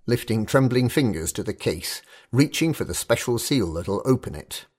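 A man's voice: lowish voice, animated, moderate pace, few pauses, husky. A man narrating a first-person audio story in clipped, tense fragments.

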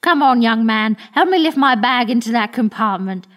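A man's voice: extremely high pitch, expressive, normal speed, a bit bright, pitched above the performer's own voice. A man voicing an imperious, demanding old woman passenger in an audio story. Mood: impatient. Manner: haughty, indignant.

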